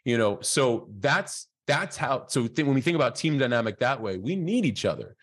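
A man as a podcast guest, telling a personal story in an animated, conversational way, with many fillers and quoted dialogue acted out. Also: mid-range voice, moderate pace.

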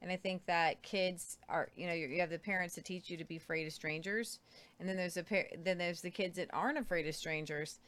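Woman co-host, lowish voice, chatty storyteller. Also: fairly even intonation, a little fast, fairly bright tone, clean tone. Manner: conversational, stumbles over names. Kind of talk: casual news commentary.

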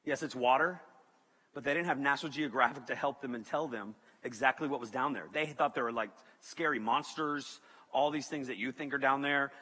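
A man gives an animated, joking sermon to students and talks straight to the crowd. His voice is bright and a bit high. The sound carries the long reverb of a large hall. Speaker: youth pastor.

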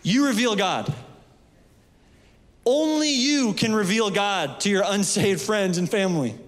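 A man with a high voice preaches with passion, talking to the congregation in a casual way and joking between points. The sound rings out with the long reverb of a church hall. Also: expressive, unhurried. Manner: passionate, conversational preaching with jokes. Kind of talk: sermon.

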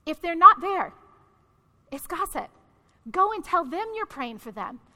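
A woman's voice: extremely high pitch, sing-song, measured pace, bright, forceful tone. A woman pastor preaching a sermon to her congregation in a direct, conversational way. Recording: long hall reverb.

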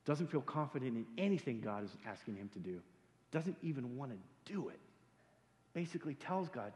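A male pastor preaching a sermon in a church, animated and joking, often repeating words as he starts sentences. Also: mid-range voice, normal speed. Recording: echoey hall reverb.

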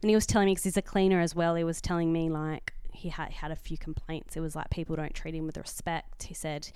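Lively Australian woman telling a story. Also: deep voice, quick pace, smooth, dry recording. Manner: animated storyteller who acts out quoted dialogue. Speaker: podcast co-host. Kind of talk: casual chat.

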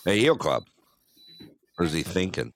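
A man's voice: low voice, sing-song, moderate pace. A man hosting a casual live panel chat, upbeat, laughing often and calling on his panelists. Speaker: show host.

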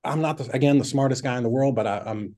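A man's voice: medium pitch, fast, mellow. A middle-aged man, a podcast guest, telling a story in casual conversation, filling his talk with "like" and acting out his own past thoughts. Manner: chatty, peppers speech with "like", acts out his own past thoughts. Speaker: podcast guest, real estate investor.

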